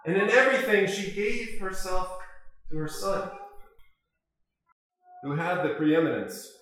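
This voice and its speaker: Slow-speaking priest, echoey church. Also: male voice, sits high, fairly bright tone. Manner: measured, rhetorical questions. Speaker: Orthodox priest. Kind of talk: sermon.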